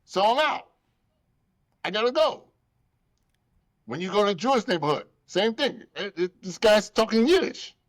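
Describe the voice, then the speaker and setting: High-pitched and speaking at a moderate pace with frequent pauses, this man hosts a casual podcast with no echo in the recording. He tells his stories with lots of feeling, animatedly playing the characters in them and cursing without restraint.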